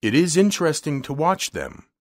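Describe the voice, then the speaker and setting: A man's voice: fairly high pitch, big pitch swings, normal speed, no room sound, studio quality, pitched above the performer's own voice. A man voicing an ordinary young man who speaks politely and hesitantly. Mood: earnest.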